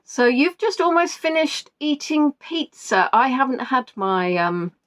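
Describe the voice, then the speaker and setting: A woman's voice: high-pitched, big pitch swings, measured pace. A woman hosting a live quiz, chatting casually and rambling with self-deprecating asides. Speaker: quiz host. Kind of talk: casual live-stream chat.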